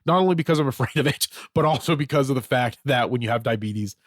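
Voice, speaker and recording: A man's voice: medium pitch, quick pace, no echo, studio quality. A man hosting his own podcast, talking casually in a rambling way with many fillers and restarts. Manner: rambling, filler-heavy, self-correcting. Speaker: podcast host. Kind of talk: casual solo podcast talk.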